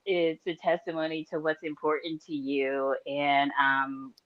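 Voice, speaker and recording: Low-voiced talkative woman podcast host. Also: a little slow, highs cut off. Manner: talkative, laughs often, animated. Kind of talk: casual faith podcast chat.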